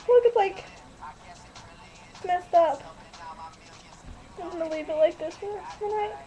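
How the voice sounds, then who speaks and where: Woman, very high voice, hyper, giggly, gushing, casual webcam message, built-in webcam mic. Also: animated, moderate pace, long pauses, warm tone, dull audio.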